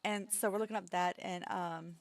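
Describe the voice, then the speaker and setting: A woman's voice: lowish voice, steady tone, normal speed, no room sound. A woman co-hosting a game stream from home, telling a rambling story in casual chat and breaking into giggles. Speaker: streamer co-host.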